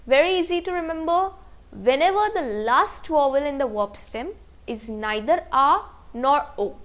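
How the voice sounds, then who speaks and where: A woman teaches a grammar lesson in a high, light voice. She goes through the rules one step at a time, switches between English and Hindi, and keeps checking in with a quick "okay?". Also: fairly bright tone. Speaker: language teacher.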